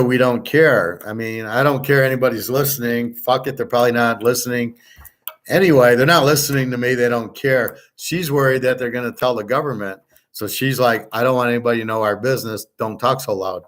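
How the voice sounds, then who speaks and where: A man's voice: mid-range voice, a bit bright. A middle-aged man hosting a betting and economics class, talking in a blunt, profane, rambling rant and lecturing listeners as his students. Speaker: host.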